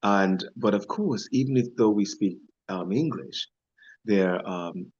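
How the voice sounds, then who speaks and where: A man's voice: lowish voice, measured pace, darkish tone, husky, highs cut off. A middle-aged man from Belize with a Belizean accent, speaking as an interview guest in a thoughtful, hesitant way with many fillers. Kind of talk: casual conversational interview.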